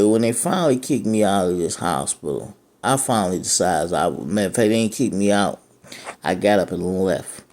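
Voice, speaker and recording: A man with a low, dark voice, a dialysis patient, gives personal testimony about being turned away from care. Frustrated and aggrieved, he rambles and repeats himself.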